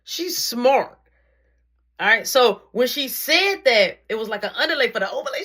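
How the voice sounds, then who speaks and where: A young woman telling a story in a casual, animated way, acting out each exchange of dialogue. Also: on the high side, normal speed.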